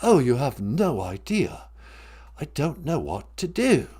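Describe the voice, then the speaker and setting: A man's voice: mid-range voice, very animated, slow pace, warm tone, breathy edge, voice pushed down, heavily acted. A man voicing a whiny, self-pitying young English prince in a put-on English accent. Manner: plaintive, whining.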